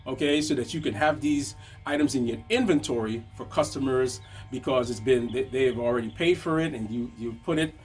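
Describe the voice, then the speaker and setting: A man's voice: mid-range voice, fairly quick, hardly any pauses, faint music behind. A man teaching a conversational motivational lesson on business, checking in with frequent tag questions. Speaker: business coach.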